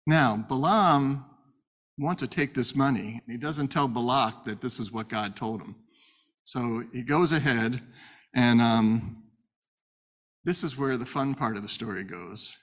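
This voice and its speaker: Male Torah teacher, lively storyteller, rhetorical questions, casual lesson style, medium pitch. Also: measured pace. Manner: animated, conversational, rhetorical questions.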